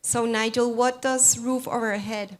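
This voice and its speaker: A woman's voice: a little high, steady tone, normal speed, slight background noise. A woman moderating a live event, politely introducing the next speaker in a formal way.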